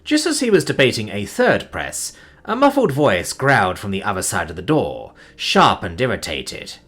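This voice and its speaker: A man with a low, husky voice reads an audiobook story aloud. His pitch swings widely and expressively from line to line. The delivery is steady narration. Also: moderate pace, faint music behind.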